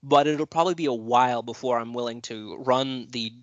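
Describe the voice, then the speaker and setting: Casual male co-host with an average-pitched voice, cursing storyteller, dry mic. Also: brisk, no echo, highs cut off. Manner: rambling, profane, lots of fillers.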